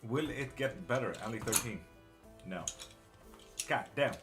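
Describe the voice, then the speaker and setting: A man's voice: medium pitch, lively intonation, a little slow, pauses often, a bit bright, faint music behind. A middle-aged man doing a casual live-stream tarot reading, reading out chat and muttering curses under his breath. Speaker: tarot reader and witchcraft teacher.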